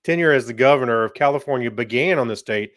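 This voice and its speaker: Easygoing mid-pitched man co-hosting a podcast. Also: quick pace, fairly bright tone, dry recording. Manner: easygoing, laughs often. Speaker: podcast co-host. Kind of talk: casual chat reading history notes.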